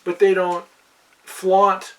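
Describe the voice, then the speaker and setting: A man's voice: high-pitched, completely flat delivery, extremely slow, distant mic, rough recording. A man who runs a tabletop fantasy world, chatting casually on a podcast and rambling with many fillers and restarts. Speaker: game master.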